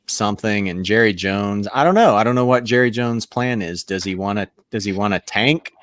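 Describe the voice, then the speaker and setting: A low-pitched man talks casually as a podcast co-host, circling his thoughts with hesitant restarts. His voice sounds dry and close, with no room around it. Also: fairly quick, dry recording. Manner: hesitant, thinks aloud. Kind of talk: casual fantasy football chat.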